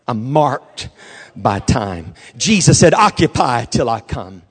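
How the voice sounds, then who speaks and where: A man pastor preaching a sermon, moving from quiet storytelling to shouted, fervent declarations. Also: mid-range voice, big pitch swings, slow, slightly rough.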